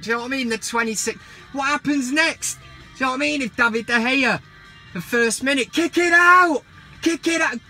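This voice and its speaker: A man's voice: high voice, bright, forceful tone. A man hosting a football vlog, ranting heatedly and mockingly with plenty of swearing.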